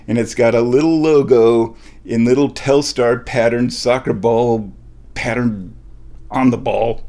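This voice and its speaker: A man casually telling a story at home about finding golf balls. He laughs often and gets worked up, his voice jumping high when he is thrilled. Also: darkish tone. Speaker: vlogger telling a golf ball hunting story. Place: kitchen at home.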